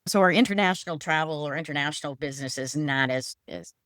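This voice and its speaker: Low-pitched woman podcast host, chatty, dry close sound. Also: fast, a bit bright, dry recording. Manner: chatty, friendly questioning. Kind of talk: casual podcast interview. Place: Florida Gulf coast.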